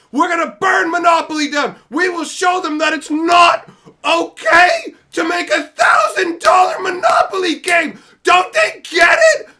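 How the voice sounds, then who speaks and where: A man's voice: mid-range voice, vocal fry, pushed and bright. A man voicing a hysterical, self-righteous online boycotter who screams melodramatic calls to a crusade.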